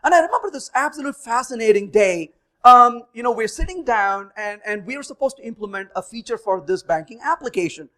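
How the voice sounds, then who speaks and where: A man's voice: very high voice, a little fast. A man in his fifties giving a technical conference talk, telling stories and acting out the dialogue in them. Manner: animated, acts out dialogue in stories. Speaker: conference speaker.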